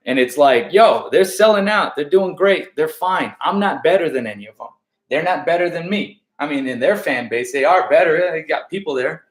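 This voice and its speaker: A man's voice: a little high, lively intonation, normal speed, roomy sound. A man from the United States, a stand-up comedian, talking in a casual, profane, rambling way with lots of restarts. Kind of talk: casual backstage interview chat.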